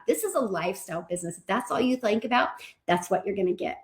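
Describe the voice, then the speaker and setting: A fairly high-voiced woman delivers a motivational coaching talk with lots of energy and emphatic repetition. She slips into quoted voices as she makes her points. The room around her is noticeably echoey. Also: very animated, a little fast. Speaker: online business coach.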